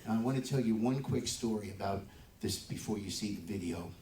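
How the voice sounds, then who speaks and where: A man's voice: on the low side, fairly quick, a little hiss or hum. Older man telling stories from a stage. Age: 70s. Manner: chatty, laughing often, with lively asides. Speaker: bandleader and drummer hosting a live show. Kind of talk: on-stage storytelling to a live audience. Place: live music venue. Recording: echoey room, distant mic.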